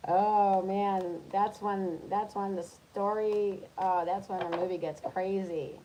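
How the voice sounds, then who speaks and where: A woman's voice: medium pitch, slow pace, warm tone, a little hiss or hum, rough recording. A woman who is a tarot reader, giving a casual reading for zodiac signs in a chatty, coaching tone and checking in often with her listeners.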